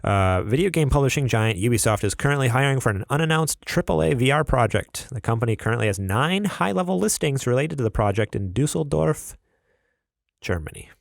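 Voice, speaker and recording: A man's voice: mid-range voice, expressive, fairly quick, creaky, dry recording, clean studio sound. A young adult man co-hosting a gaming podcast, laid-back and chatty, laughing often and reading news with lots of ums. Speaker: podcast co-host. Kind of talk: casual podcast chat.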